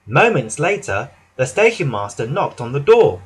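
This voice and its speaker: Animated man reading a children's storybook. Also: mid-range voice, moderate pace, hardly any pauses, breathy edge. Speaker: narrator.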